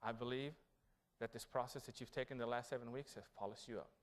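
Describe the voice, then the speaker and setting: A man speaks in a mid-range voice at a quick pace, giving a motivational graduation speech at a city hall event. As the guest speaker, he tells animated stories and asks the audience questions.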